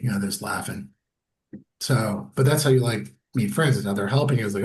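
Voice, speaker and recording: Gravelly low-voiced candid man. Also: fairly quick. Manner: candid and self-deprecating, acts out quoted voices. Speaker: guest sharing personal stories. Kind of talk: casual conversation.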